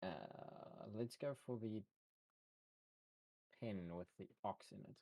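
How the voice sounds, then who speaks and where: Very deep, gravelly man, quiet and offhand, on a call with a dry sound. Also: slow pace. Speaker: player. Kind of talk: casual chat on a game call.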